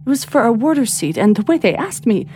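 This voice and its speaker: A woman voicing a distressed young woman in a storybook, halting and emotional, over soft music. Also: on the high side, a little hiss or hum, voice pushed up, lightly acted. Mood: angry outburst. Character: young woman, anxious and overwrought. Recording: soft music bed under reading.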